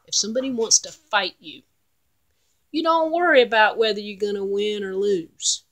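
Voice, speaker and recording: A woman's voice: mid-range voice, moderate pace, a bit bright. A woman with a Southeastern North Carolina accent telling a folk tale in a folksy, drawling manner with dialect grammar. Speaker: storyteller.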